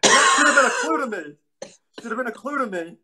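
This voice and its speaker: A man being interviewed, a martial arts instructor telling stories in an animated way with a casual manner. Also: extremely high pitch, quick pace, heavy background noise. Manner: animated storyteller, acts out voices in anecdotes.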